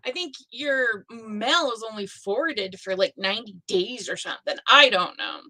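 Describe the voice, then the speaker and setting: A woman's voice: fairly high pitch, lively intonation, moderate pace, bright, forceful tone, poor audio. A middle-aged woman hosting a live stream about a stitching challenge, chatting casually and rambling with self-deprecating asides.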